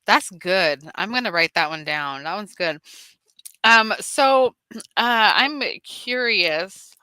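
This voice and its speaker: A woman with a bright, smooth voice that sits a little low talks through her plans on a coaching call. She thinks aloud with restarts and small laughs, and the sound is dry and close. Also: expressive, slow pace, no echo. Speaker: real estate agent being coached.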